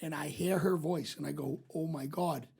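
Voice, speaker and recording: A man's voice: a little high, moderate pace, gravelly, husky. A man co-hosting a podcast, telling a profane story in casual chat and acting out the voices of the people in it. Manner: profane, animated storyteller who acts out voices. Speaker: podcast co-host.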